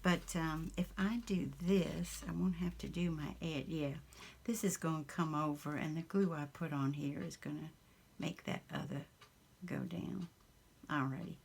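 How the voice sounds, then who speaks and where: A Southern US woman talks slowly in a low, gravelly voice while she works on a craft project at home. She wanders from thought to thought, chuckling and stopping for ums along the way. It sounds like easy, casual chat from a home craft room. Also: steady tone. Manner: rambling, chuckling, with many ums. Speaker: craft vlogger.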